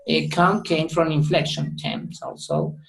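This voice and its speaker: A male student with a mother tongue, presenting in a class over a video call. He talks haltingly, full of fillers and self-corrections. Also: on the high side, wildly swooping pitch, creaky, fairly bright tone, rough recording. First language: Spanish.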